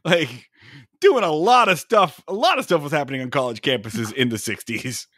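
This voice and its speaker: A playful man co-hosting a podcast in casual chat. His fairly high voice leaps around with lively pitch and sounds bright, and the mic is close and dry. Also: moderate pace, no room sound. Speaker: podcast co-host. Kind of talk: casual chat recapping a TV episode.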